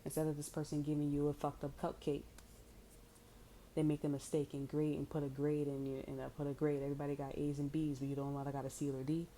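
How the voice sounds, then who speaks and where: Low-voiced woman, warm and dark in tone, doing an offhand tarot reading; blunt, profane, rambling. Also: level tone, quick pace, slight background noise, low-quality recording. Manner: blunt, profane, chatty with many fillers. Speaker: tarot reader.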